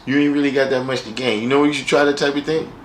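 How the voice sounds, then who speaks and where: A man's voice: mid-range voice, steady tone, very fast, reverberant, a little hiss or hum, low-quality recording. A man hosting a live stream, chatting casually with viewers in a wry, joking way and often repeating himself.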